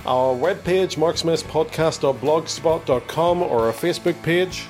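A man's voice: fairly high pitch, measured pace, darkish tone, soft background music. A middle-aged man hosting a casual family podcast, teasing and playful as he chats. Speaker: podcast host.

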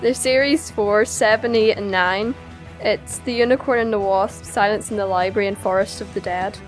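A woman's voice: medium pitch, steady tone, moderate pace, soft background music. A young girl, giving brief, offhand answers in a casual podcast chat. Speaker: podcast guest.

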